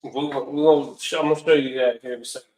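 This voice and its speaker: A man teaching a class in a casual way, calling out each word loudly for the students to repeat. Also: medium pitch, fairly even intonation, racing. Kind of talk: classroom lesson, call and response. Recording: echoey room, far from the mic.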